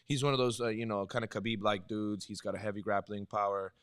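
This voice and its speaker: A man who coaches martial arts, chatting casually and telling animated stories with frequent laughs. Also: on the low side, quick pace, clear, resonant tone. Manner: animated storyteller, laughs often. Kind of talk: casual watch-along chat.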